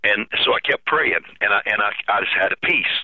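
A man speaks in a very low, gravelly voice, halting and repeating himself as he tells a heartfelt story. His voice comes through a dry, tinny phone line. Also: animated, no room sound. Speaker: pastor. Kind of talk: telling a personal story in an interview.

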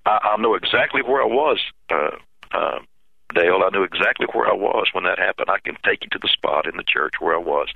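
A pastor speaks in a very deep, gravelly voice, earnest and halting, stumbling over repeated words. The sound is thin and tinny, as if over a phone line. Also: male voice, no echo. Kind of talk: telling a personal story in an interview.

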